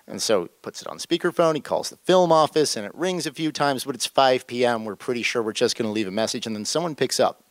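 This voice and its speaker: A young man from northern New Jersey telling a personal story to an audience, jumping into higher voices for the people he quotes. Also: quick pace, dry recording. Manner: animated, leaps into high voices for quoted people.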